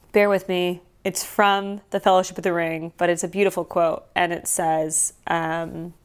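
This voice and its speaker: A woman's voice: fairly low pitch, creaky, clear, resonant tone. A woman hosting her own show, talking in a casual, sardonic way that turns reflective. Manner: sardonic and animated, softening to reflective. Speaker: podcast host. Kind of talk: casual solo commentary.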